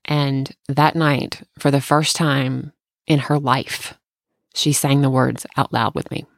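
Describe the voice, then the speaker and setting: A woman telling a personal story in casual conversation, emotional and halting, often restarting her sentences. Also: a bass voice, steady tone, creaky, no echo. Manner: tender, close to tears at times.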